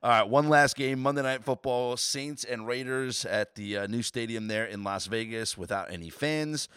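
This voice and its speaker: A man hosting a sports betting podcast, easygoing and quick to laugh. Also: medium pitch, fairly bright tone, clean tone, no room sound, clean studio sound. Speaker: podcast host. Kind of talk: casual sports podcast chat.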